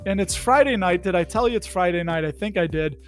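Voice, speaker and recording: A man rambles through his home podcast in a loose, goofy way. His voice sits high. Faint music plays softly behind him. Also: brisk. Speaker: podcast host. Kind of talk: casual solo podcast. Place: his home in the Chicago suburbs.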